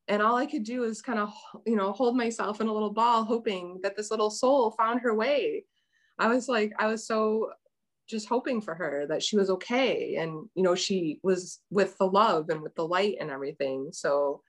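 A middle-aged woman telling a personal story as a guest, earnest and rambling, with many restarts. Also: on the low side.

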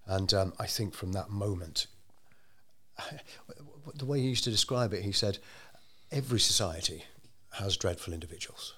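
Deep-voiced man telling a story. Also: sharp tone, slightly rough. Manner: measured, with frequent ums and restarts. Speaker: interviewee telling local history. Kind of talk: conversational storytelling.

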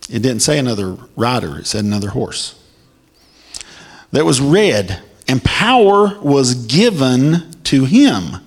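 A male preacher works through scripture verse by verse and explains it in an emphatic sermon style. His voice sits at an ordinary middle pitch but jumps upward when he gets fired up, sometimes into a shout. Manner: emphatic, pitch swings high when excited. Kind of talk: sermon reading scripture with commentary.

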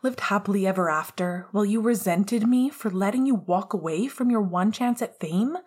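A woman's voice: medium pitch, normal speed, darkish tone, husky, lightly acted. A woman voicing a guarded young man whose words come out cold, sarcastic and biting. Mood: bitter. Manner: sarcastic, cutting.

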